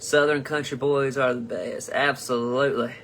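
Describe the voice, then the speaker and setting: A man's voice: medium pitch, little pitch movement, moderate pace, a bit bright, slight background noise. A young man hosting his own live comedy stream, reading fan comments aloud and answering them in a rambling, profane, casual way. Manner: rambling and profane, with frequent restarts. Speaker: comedian host of a live show.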